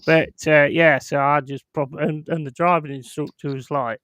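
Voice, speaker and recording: A man's voice: a little high, steady tone, normal speed, fairly bright tone, no room sound. A young man hosting a stream, swearing freely and laughing as he tells rambling stories. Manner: swears heavily, laughs through rambling anecdotes. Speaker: streamer hosting a football watchalong. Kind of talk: casual chat.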